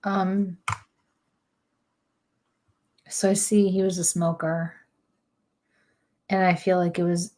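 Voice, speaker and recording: A woman working as a medium, giving a live psychic reading in a halting, hesitant way with many fillers. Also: fairly low pitch, little pitch movement, dark tone.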